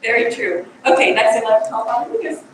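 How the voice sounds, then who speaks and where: A woman's voice: on the high side, expressive, fast. A woman runs a church annual meeting in a loose, chatty way, laughing between her points. Her voice rings out in a very echoey hall from a distance, with a noisy background. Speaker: vestry head.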